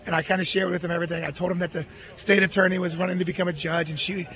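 A middle-aged man, an interview guest, telling a long personal story in an earnest, animated way. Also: high-pitched, very fast.

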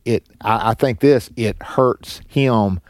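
A man co-hosting a Bible call-in radio show, speaking in a pastoral way with many halting restarts. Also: mid-range voice, darkish tone, dry recording, studio quality.

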